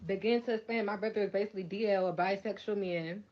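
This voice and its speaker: A woman's voice: medium pitch, steady tone, quick pace, muffled recording, slight background noise. A woman telling a personal story in a blunt, matter-of-fact, casual way. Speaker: storyteller in a clip.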